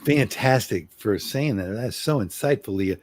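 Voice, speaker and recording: A middle-aged man coaching on communication, acting out an apology in an earnest way and slowing down for emphasis. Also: medium pitch, expressive, a little hiss or hum. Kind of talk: role-played apology demonstration.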